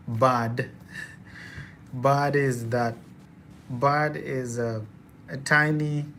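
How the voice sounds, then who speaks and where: Young man, Kenyan accent, slow chatty delivery, mid pitch, laughs often, live Q&A host. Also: a little hiss or hum. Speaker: student and live-stream host. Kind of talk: casual live Q&A chat.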